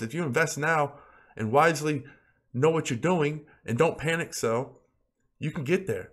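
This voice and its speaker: A man vlogging about crypto trading, talking bluntly and with plenty of swearing, like a preachy pep talk that climbs in pitch as he gets worked up. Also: normal speed. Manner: grows louder and higher when worked up. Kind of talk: unscripted vlog rant.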